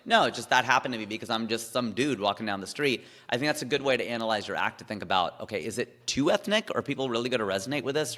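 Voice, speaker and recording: A man, a comedian, chats in a casual interview, animated and full of quick asides. His voice is bright and forceful. It carries a long reverb, as in a large space. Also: mid-range voice.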